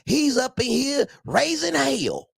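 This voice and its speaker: A man voicing a furious woman who yells threats about an unwanted man in her home. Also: extremely high pitch, wildly swooping pitch, takes it slowly, gravelly, husky, dry recording, clean studio sound, pitched above the performer's own voice, exaggerated voice. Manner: yelling threats.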